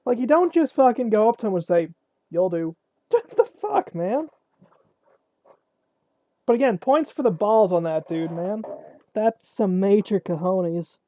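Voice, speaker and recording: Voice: medium pitch, unhurried, long pauses, warm tone. A podcast host in casual chat, crude and joking, swearing freely while telling bad pickup lines.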